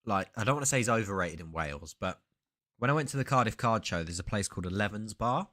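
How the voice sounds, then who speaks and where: Rambling man, low-voiced. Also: expressive, quick pace, bright, forceful tone. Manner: rambling, self-interrupting storyteller. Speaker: sports card streamer. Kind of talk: casual live-stream chat.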